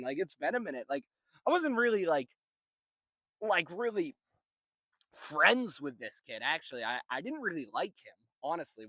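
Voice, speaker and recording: A man's voice: a little high, bright, forceful tone, no echo. A young man telling a rambling, profane story in a casual vlog. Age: young adult. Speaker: vlogger.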